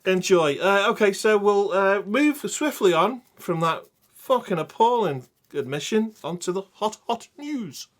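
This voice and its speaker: A man's voice: sits high, lively intonation, unhurried. A man hosting a crude comedy podcast, teasing his co-hosts in a mock-dramatic, sweary way. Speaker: podcast host.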